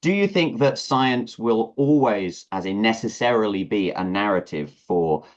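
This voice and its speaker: A man interviewing a guest, talking in a halting way, searching for words and restarting his sentences. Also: on the low side, animated. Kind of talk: hesitant conversational interview. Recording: dull lo-fi audio.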